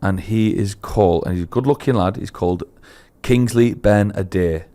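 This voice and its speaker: A man co-hosting a casual podcast, telling a story with animated embarrassment. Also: lowish voice, normal speed. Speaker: podcast co-host.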